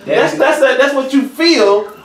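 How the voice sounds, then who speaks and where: High-voiced church elder preaching casual and lively, roomy echo, mic far away. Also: male voice, a little slow. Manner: lively, conversational, animated preaching with laughs. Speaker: church elder teaching a lesson. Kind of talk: preaching a Bible lesson.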